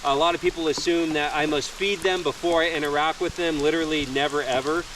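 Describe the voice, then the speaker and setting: A man's voice: on the high side, fairly even intonation, quick pace. A man hosting a casual vlog at an animal sanctuary, talking loosely with plenty of "like" and "you know". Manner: chatty, many "like" and "you know" fillers. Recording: outdoor noise in the background.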